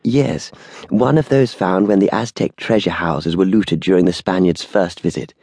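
A man's voice: sits low, moderate pace, darkish tone, no room sound, studio quality. A man voicing a courteous, deferential old shop assistant who speaks formally and politely. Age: older.

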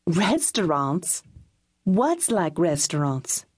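A woman narrator voicing a proud, quick-tempered woman detective who answers sharply and indignantly. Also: mid-range voice, sing-song, a little mellow, no echo, studio quality, voice pushed up.

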